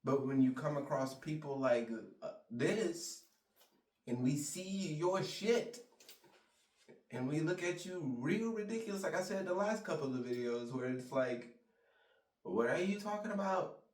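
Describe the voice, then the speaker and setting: A man's voice: on the high side, lively intonation, a little slow, a little mellow. Profane, ranting man in an echoey room. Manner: profane, heated, rambling. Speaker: vlogger. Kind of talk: ranting monologue. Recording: roomy sound, mic far off.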